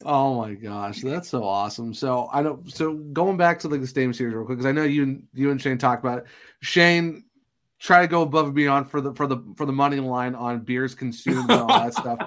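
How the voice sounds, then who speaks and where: A man co-hosting a fan podcast, talking enthusiastically and thanking his guest warmly. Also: medium pitch, brisk. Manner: enthusiastic, gushing, says 'oh my gosh'. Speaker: podcast co-host. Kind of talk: casual chat.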